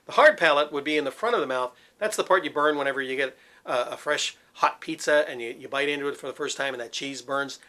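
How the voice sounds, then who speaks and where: A man's voice: mid-range voice, fast, bright, forceful tone. A middle-aged man and former opera singer teaching vocal technique, explaining patiently and demonstrating with sung examples. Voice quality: resonant, focused head voice.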